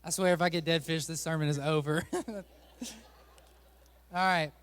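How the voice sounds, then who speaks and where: A man with a high voice leads a lighthearted sermon from a church stage. He jokes and teases the people up front with him, in a chatty, upbeat way. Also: fairly even intonation, normal speed, clear, resonant tone, in a large hall. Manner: joking, chatty, teasing the volunteers. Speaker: pastor. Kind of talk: playful sermon with a stage game.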